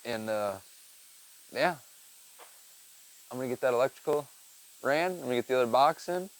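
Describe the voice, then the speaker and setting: A young man chatting casually on his own, rambling and swearing, dropping to mumbles and then getting loud. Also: mid-range voice, expressive, normal speed, poor audio. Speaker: podcast host. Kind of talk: casual solo chat.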